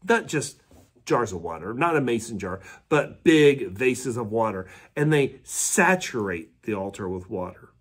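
A man's voice: mid-range voice, big pitch swings, unhurried, slightly rough. A man, a pastor, giving a midweek devotional sermon in a conversational storytelling way and asking his listeners questions.

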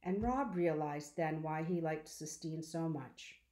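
A woman reads a children's novel aloud in a calm, measured way. Her voice sits on the low side. The recording has a roomy echo. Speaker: audiobook reader.

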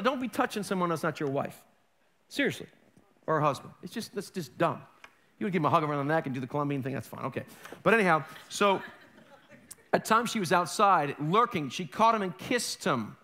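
Lively, bright-voiced male pastor preaching. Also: high-pitched, moderate pace. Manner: animated preaching, acting out quoted voices with humor. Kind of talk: sermon.

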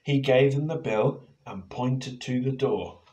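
Man, children's storytime reading, playful, expressive, echoey room at home. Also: mid-range voice, takes it slowly. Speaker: author reading his book. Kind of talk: reading a picture book aloud to children.

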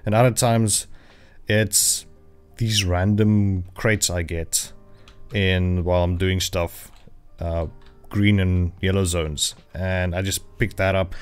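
A man's voice: deep voice, level tone, slow, clear, resonant tone. A man chatting casually while livestreaming a survival game, rambling with lots of fillers and self-corrections. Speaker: livestreaming gamer. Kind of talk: casual gameplay livestream chat. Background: royalty-free background music.

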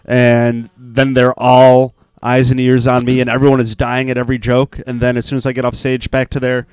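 A man's voice: mid-range voice, completely flat delivery, moderate pace, darkish tone, clean tone, no room sound. A man who does stand-up comedy, joining a casual podcast chat with wry, dry-humored asides.

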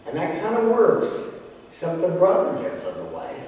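A male pastor preaching a sermon, telling a story with emphasis and dramatic pauses. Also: high-pitched, huge pitch swings, a little mellow, slight background noise. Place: large church sanctuary. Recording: echoey hall from far off.

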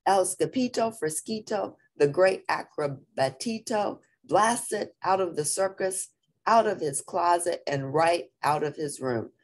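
Woman, children's read-aloud, playful, low voice, husky. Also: a little slow. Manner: expressive, playful. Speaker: storybook reader.

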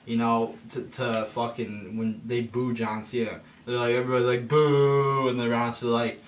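A man's voice: mid-range voice, little pitch movement, moderate pace. A young man ranting casually, swearing often and rambling with lots of fillers and restarts, getting heated as he talks. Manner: gets heated, voice jumps up when mocking. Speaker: vlogger ranting. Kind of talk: casual rant monologue. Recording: echoey room, somewhat far from the mic, faint background noise.

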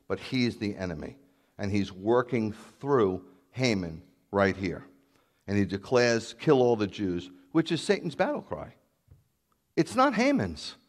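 A man preaching as a rabbi, emphatic and building to loud declarations. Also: lowish voice. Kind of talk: sermon.

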